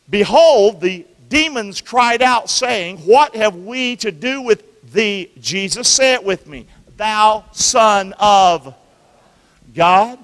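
A male pastor preaches with a lively, swooping delivery, his voice sitting fairly high. He keeps turning to the congregation with questions as he talks. His words ring out with a long church-hall reverb behind them. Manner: animated preaching with call-and-response questions to the congregation. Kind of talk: sermon. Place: church sanctuary.

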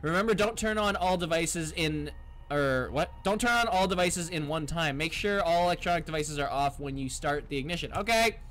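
A man commentating a horror game, muttering to himself, reading text aloud and yelling in alarm. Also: fairly high pitch, normal speed. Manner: jumpy and excitable, swearing, yelling at the game. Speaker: gaming YouTuber.

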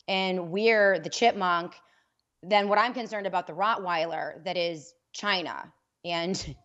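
A woman's voice: lowish voice, fairly bright tone, lo-fi sound. A woman radio host speaking as a guest on a political talk panel, candid and conversational. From New York. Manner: candid, conversational, builds loose analogies. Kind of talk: panel discussion.

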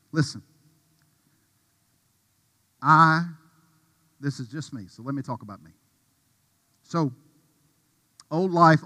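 Impassioned preacher man in a reverberant hall. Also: medium pitch. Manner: impassioned, swings from hushed to shouting. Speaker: pastor. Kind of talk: sermon.

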